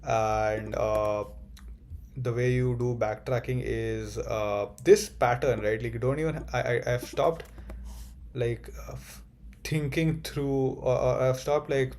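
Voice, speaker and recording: Gravelly, profane young man. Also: mid-range voice, slow. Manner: profane, excitable, rambling, with sudden outbursts. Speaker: job-hunting student. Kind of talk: comedic monologue.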